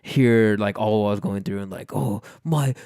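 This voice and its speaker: A man's voice: fairly low pitch, little pitch movement, normal speed, darkish tone, clean tone, dry recording, studio quality. Laid-back young man co-hosting, rambling. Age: young adult. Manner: rambling, filler-heavy, mimics voices for laughs. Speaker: podcast co-host. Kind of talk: casual chat.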